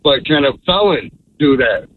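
A middle-aged man calling in to a radio show, earnest and halting, with many fillers. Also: medium pitch, big pitch swings. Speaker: radio caller. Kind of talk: call-in question. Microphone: telephone. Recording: tinny phone line.

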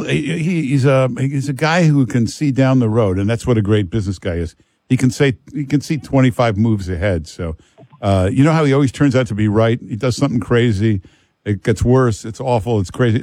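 A man's voice: mid-range voice, brisk, a little mellow, no echo. A man hosting a talk radio show, emphatic and joking, repeating himself for effect. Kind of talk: casual talk radio chat.

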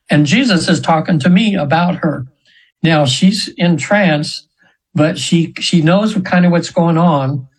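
A man's voice: a little high, normal speed, breathy edge, poor audio. A man in his seventies, a guest on a show, telling long stories in a rambling way with many fillers and restarts. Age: 70s. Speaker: guest, trance session practitioner. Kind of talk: casual storytelling in an interview.

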